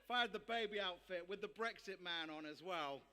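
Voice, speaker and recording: A man's voice: sits high, fairly quick, bright, forceful tone, a little hiss or hum. A comedy musician chatting loosely between songs at a live gig, rambling and laughing at his own asides. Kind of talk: live comedy song set with stage patter. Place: live music venue stage.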